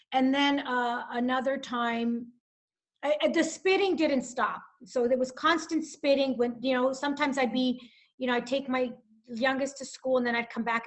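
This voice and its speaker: Middle-aged woman, podcast guest, personal testimony; slightly high voice, emotional, rambling delivery. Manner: emotional, rambling, with restarts and frequent "like". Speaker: guest author.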